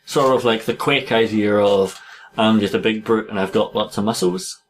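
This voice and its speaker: Lowish-voiced man in loose chat. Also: moderate pace. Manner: rambling, hedging with 'like', laughs often. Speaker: podcast co-host. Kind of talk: casual chat.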